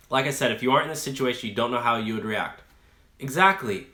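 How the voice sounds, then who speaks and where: A man's voice: mid-range voice, fast, pushed and bright. Rambling young man in an echoey room. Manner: rambling, storytelling, lots of fillers and restarts. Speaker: rideshare channel host. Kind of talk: casual live stream chat.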